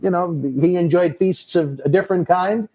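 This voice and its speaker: A man with a Boston accent hosts a casual live stream, reading viewer comments aloud and calling everyone brother. His voice sits high but has a dark, mellow tone. The stream audio sounds dull and lo-fi. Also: fairly even intonation, moderate pace. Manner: reads out viewer comments, calls people brother. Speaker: host of a wrestling watch-along stream.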